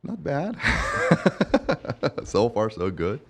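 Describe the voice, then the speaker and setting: A man's voice: on the low side, wildly swooping pitch, slow. A man telling lawyer stories in a casual interview, acting out quotes in a raised voice, laughing often, with non-native English phrasing. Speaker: guest, personal injury lawyer.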